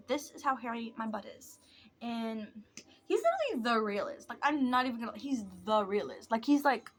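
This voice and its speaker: Young woman vlogger, a touch high-pitched, loose rambling makeup chat that keeps drifting and making fun of itself. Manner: rambling, self-mocking, drifting off topic. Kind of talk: casual chat while doing makeup.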